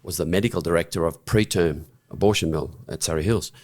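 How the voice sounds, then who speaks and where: A man's voice: sits low, brisk, darkish tone. A middle-aged man, a podcast guest, telling a story frankly and bluntly, with restarts and a habit of asking "right?". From Australia. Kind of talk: conversational storytelling.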